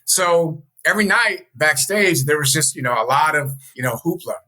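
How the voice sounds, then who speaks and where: A man guesting on an interview show as a speaker and coach, telling personal stories in a casual, animated way. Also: moderate pace, poor audio. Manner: animated storyteller, jumps higher when quoting others.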